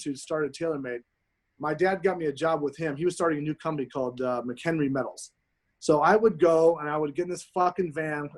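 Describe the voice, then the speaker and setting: A man in his forties, a pro golfer telling profane, animated stories as a podcast guest. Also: fairly high pitch. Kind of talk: casual storytelling.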